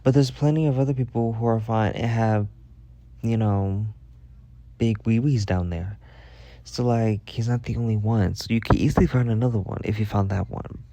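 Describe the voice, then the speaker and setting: A man's voice: lowish voice, steady tone, moderate pace, warm tone, dry recording. A young man telling stories and giving advice in a sassy, profane, exasperated rant. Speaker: advice and story vlogger. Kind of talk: casual storytelling rant.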